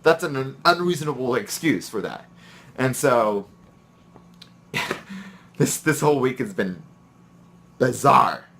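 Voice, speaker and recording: A man's voice: medium pitch, lively intonation, takes it slowly, vocal fry, pauses often, fairly bright tone, a little hiss or hum. Chatty man sharing kitchen stories. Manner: chatty, rambling, gives pep-talk advice. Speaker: chef and vlog host. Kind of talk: casual storytelling and advice vlog.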